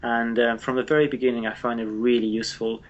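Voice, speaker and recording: A man's voice: medium pitch, level tone, fast talker, highs cut off, slight background noise. A man giving a hesitant testimonial, full of ums and restarts. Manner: hesitant, filler-heavy. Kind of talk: spoken testimonial.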